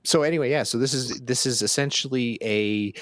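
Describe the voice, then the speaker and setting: A man's voice: medium pitch, a little fast, no room sound, clean studio sound. A Canadian man co-hosting a casual gaming podcast, talking with lots of restarts and fillers. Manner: hesitant, many restarts and fillers. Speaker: podcast co-host. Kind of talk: casual chat.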